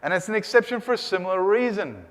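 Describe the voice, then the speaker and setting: A man lecturing a class in an echoing hall, his high voice rising and falling with energy. He keeps checking in with the room as he explains, lively and eager. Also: fast talker. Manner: animated, checks in with the class often. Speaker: Greek language teacher. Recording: long hall reverb.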